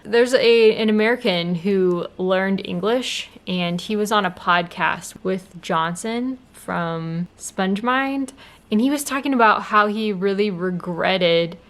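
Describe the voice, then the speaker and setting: A woman's voice: mid-range voice, slow, a bit bright. A woman vlogger talking in a casual, chatty way, with lots of "like" fillers and an enthusiastic tone. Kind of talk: casual vlog chat.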